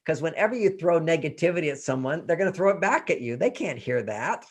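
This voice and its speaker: An older man telling personal stories and giving relationship advice in a live interview, animated and often laughing. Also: on the high side, quick pace, breathy edge. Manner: animated storyteller, acts out quotes, laughs often. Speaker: relationship author and guest.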